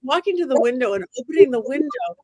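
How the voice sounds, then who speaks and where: A woman guest, a medium, telling her story in an animated way and acting out the voices of the people in it. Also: high-pitched, fast, no echo. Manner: expressive, acts out quoted voices.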